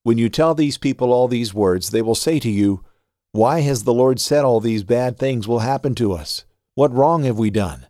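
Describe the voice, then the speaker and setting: A man reading Bible passages aloud in a measured, steady way. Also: medium pitch, dry recording, clean studio sound. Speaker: scripture reader.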